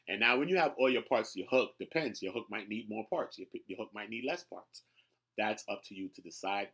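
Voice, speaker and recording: A man's voice: on the low side, fairly bright tone. A man casually teaching how to build a rap hook, talking loosely and often checking in with "right?" and "you know what I'm saying.". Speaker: rap tutorial host. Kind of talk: casual instructional talk.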